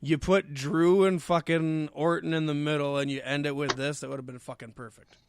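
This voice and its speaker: A man's voice: on the high side, little pitch movement, normal speed, a little hiss or hum. A man co-hosting a podcast, talking bluntly and casually and swearing freely. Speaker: podcast co-host. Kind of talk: casual chat.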